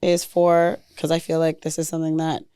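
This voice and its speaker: A woman with a hoarse, strained voice that sits on the low side, talking hesitantly with lots of fillers. Her voice is close and dry, with no room sound. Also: completely flat delivery, a little fast, dry recording. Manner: hesitant, filler-heavy, gentle. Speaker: podcast co-host. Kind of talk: casual chat.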